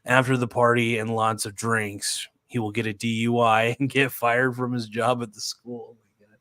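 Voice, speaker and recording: A man's voice: mid-range voice, level tone, moderate pace, pushed and bright, no echo, studio quality. A man hosting a casual livestream, reading viewer comments aloud and laughing often. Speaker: livestream host.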